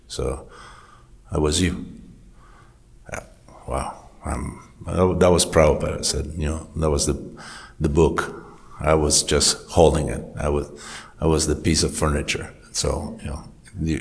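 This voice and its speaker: A man giving an informal scripture class at a temple, telling stories in a relaxed, conversational way. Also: a bass voice. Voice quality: anecdotal, conversational storytelling. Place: temple hall.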